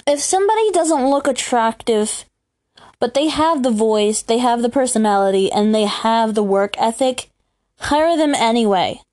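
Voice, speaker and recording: With a fairly high, expressive voice that's a little mellow, this young woman speaks at normal speed. She sounds youthful and girlish, laughing often as she rambles through a casual solo chat on her podcast, recorded at home.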